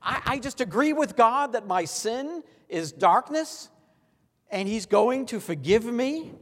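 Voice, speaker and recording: High-voiced male preacher in a reverberant hall. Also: expressive, takes it slowly. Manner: earnest, leads the congregation in call-and-response. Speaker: pastor. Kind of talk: sermon.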